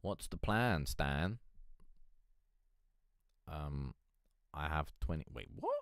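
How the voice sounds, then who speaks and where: Live-stream host, man, low droll Eeyore voice, casual and sweary, close dry mic. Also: animated, slow, smooth, dry recording. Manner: chatty, swearing, laughing, reading chat aloud. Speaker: livestream host.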